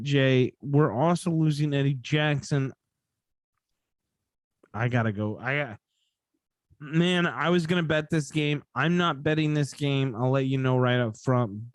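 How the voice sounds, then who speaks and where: A man's voice: mid-range voice, no room sound, studio quality. A man hosting a casual sports betting podcast, sleepy and yawning, rambling and correcting himself as he talks. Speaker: podcast host.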